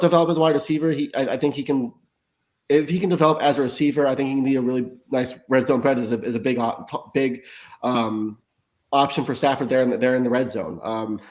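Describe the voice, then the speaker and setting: Guy rattling off his takes super quick, keeps tripping over his words and restarting, podcast guest vibe. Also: mid-range voice. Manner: rapid talk with frequent stammered restarts. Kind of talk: casual podcast analysis.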